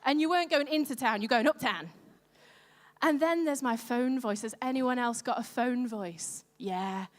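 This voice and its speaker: Woman, pastor, high voice, playful and self-deprecating, sermon, echoey church hall. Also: moderate pace, few pauses. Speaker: pastor on church lead team. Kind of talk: sermon with audience interaction.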